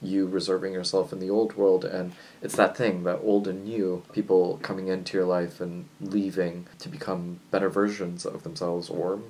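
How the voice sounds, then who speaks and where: A young man talks through a casual book vlog in a slightly low voice. He's chatty and jittery from coffee, jumping from loud bursts of excitement to softer, musing asides. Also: slight background noise, low-quality recording. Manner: jittery, chatty and excitable, with quick swings between loud enthusiasm and soft musing. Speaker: book vlogger.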